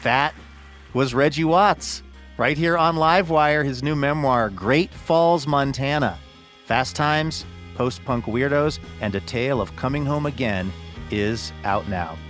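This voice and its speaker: A man hosting a radio show, reading links and previews in an upbeat, brisk way. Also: mid-range voice, a bit bright, faint music behind.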